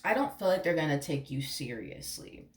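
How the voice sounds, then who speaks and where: A woman's voice: low-pitched, animated, normal speed, echoey room. A woman giving a casual, rambling tarot reading, emphatic and searching for words, swearing now and then. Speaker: tarot reader.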